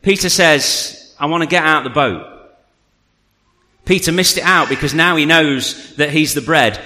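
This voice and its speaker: A man preaching a sermon to a congregation, telling the story with animated energy and then dropping to a quiet, earnest appeal. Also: high-pitched. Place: church hall. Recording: long reverb of a large hall.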